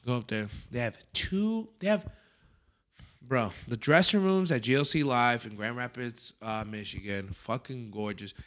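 A man's voice: medium pitch, measured pace. Profane storytelling comedian, a man. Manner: profane, animated anecdote-telling with acted-out quotes. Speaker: comedian host. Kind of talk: casual podcast storytelling.

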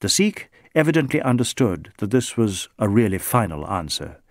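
A man reading a novel aloud as narrator, in measured, expressive storytelling. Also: on the low side, no room sound, studio quality. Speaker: audiobook narrator. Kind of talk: scripted narration.

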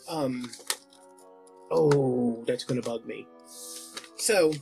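A man's voice: medium pitch, moderate pace. A man vlogging at home who tells a rambling story in a casual, chatty way, often trailing off and restarting. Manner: chatty and easily distracted, with lots of restarts. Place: home, wrapping presents. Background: Christmas music.

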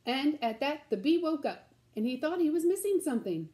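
A woman reading a children's story aloud in a gentle, sing-song, slow way. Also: high voice, big pitch swings.

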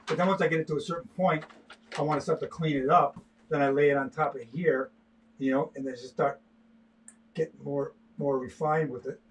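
A little hiss or hum sits under the voice of an older artist chatting on a livestream while he sketches. He speaks a little fast, in a slightly high voice with fairly even intonation, in a stop-start way with lots of repeated words.

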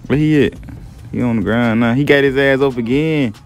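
A man's voice: mid-range voice, moderate pace, faint music behind. A young man casually narrating a game story in heavy slang, laid-back and profane, often asking "you feel me". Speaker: gameplay storyteller.

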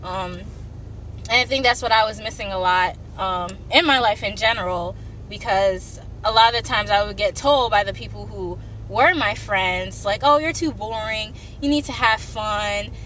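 A young woman talks to her phone camera from a parked car in a parking deck, chatty and earnest, filling her speech with ums and likes. Her voice is bright and mid-pitched, and a faint hum of street and car noise sits behind her. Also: moderate pace. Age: young adult. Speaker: vlogger. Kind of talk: casual vlog talk to camera.

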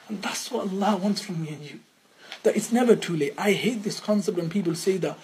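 A man giving a religious lesson, earnest and storytelling, often repeating his phrases for emphasis and dropping to hushed tones for quotes. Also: high voice, expressive, fairly quick, a little hiss or hum, low-quality recording. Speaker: Islamic teacher.

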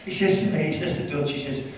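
A man, a former assistant manager, telling lively, laughing stories at a live podcast. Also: fairly high pitch, quick pace. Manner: animated, laughing anecdotes. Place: live event venue. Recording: roomy live hall from far off.

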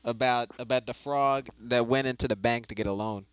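A man's voice: medium pitch, fairly even intonation, fairly quick, a bit bright, clear, resonant tone, dry recording, rough recording. A man telling a long joke in casual chat, rambling and repeating his words as he goes. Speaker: joke teller.

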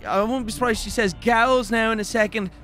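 A man's voice: high-pitched, steady tone, brisk. An Irish man streaming a video game, chatting casually, swearing often and mocking the game. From Ireland. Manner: swearing, mocking, jumps into loud impressions. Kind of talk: casual live-stream gameplay commentary. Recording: stream mic over game music.

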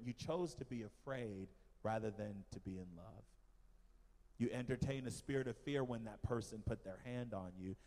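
Male missionary speaker, animated testimony, average pitch, long hall reverb. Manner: animated storytelling with fillers. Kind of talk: church testimony. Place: church hall.

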